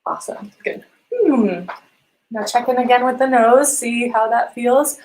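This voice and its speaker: A woman vocal coach leading a live-streamed warm-up lesson, encouraging and gently guiding listeners through sung exercises. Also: on the high side, a little slow, poor audio. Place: home room with a piano.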